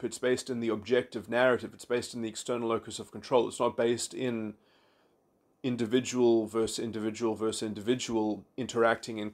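A man giving an unscripted philosophical monologue, reflective and abstract, with frequent restarts, repeated words and fillers. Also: mid-range voice. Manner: halting, many restarts and fillers. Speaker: philosophy commentator.

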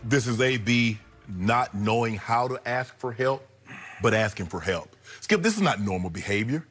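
A middle-aged man, co-hosting a sports debate show and arguing his points emphatically, jumping up in pitch to act out what others say. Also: animated, normal speed, a bit bright, soft background music. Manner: emphatic, acts out quotes in a raised voice.

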